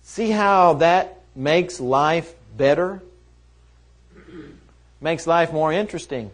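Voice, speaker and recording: A man's voice: a little high, slow. Man teaching a conversational Bible lesson. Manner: conversational, asks rhetorical questions.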